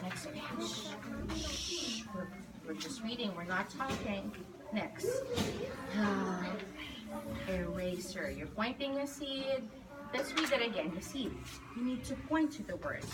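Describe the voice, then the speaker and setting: A woman's voice: fairly high pitch, expressive, moderate pace. A woman teacher leading a guided reading lesson with young children, patiently prompting and drawing out words. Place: school classroom. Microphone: recording device set at a distance. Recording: distant mic in a noisy classroom.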